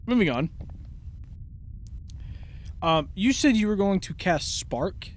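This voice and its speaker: Lively, rambling game master. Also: male voice, high voice, slow, noisy background. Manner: lively, meandering, many fillers. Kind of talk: narrating a tabletop game.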